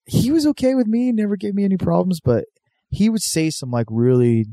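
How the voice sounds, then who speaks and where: A man's voice: sits high, expressive, brisk, dark tone, no echo. A man telling a rambling story in casual chat, loose and profane, with many fillers. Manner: rambling, profane, laid-back, lots of fillers.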